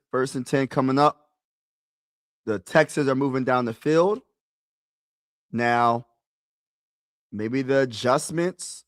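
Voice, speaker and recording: A man giving excitable, slangy live play-by-play and reaction on his stream, his voice rising when he calls big plays. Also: medium pitch, dry recording, clean studio sound. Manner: excitable, slangy, talks to viewers as "bro"; rises loudly when calling big plays. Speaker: sports streamer.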